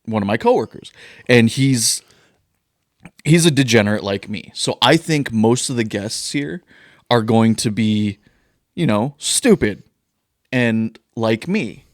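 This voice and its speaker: A young man tells a rowdy story on a podcast, laughing often between lines. His voice sits at an ordinary pitch. The sound is close and dry, with no room echo. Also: lively intonation, a little slow, pauses often. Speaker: podcast co-host. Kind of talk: casual chat.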